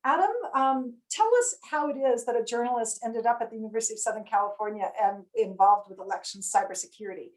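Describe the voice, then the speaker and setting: A woman's voice: a little high, quick pace, hardly any pauses, a little mellow, rough recording. A woman hosting and moderating an online panel over a video call, speaking in a friendly, chatty way with frequent ums and uhs. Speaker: webinar host and moderator.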